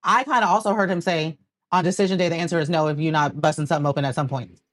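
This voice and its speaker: A woman co-hosting a casual reality TV recap, talking in a measured way and quoting the people she discusses. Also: sits low. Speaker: co-host.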